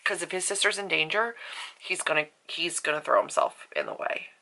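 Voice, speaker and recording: Woman author vlogging her reading, low gravelly voice with a bright edge, emotional and rambling. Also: a little fast, poor audio. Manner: emotional, rambling reactions with many fillers. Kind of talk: casual reading vlog.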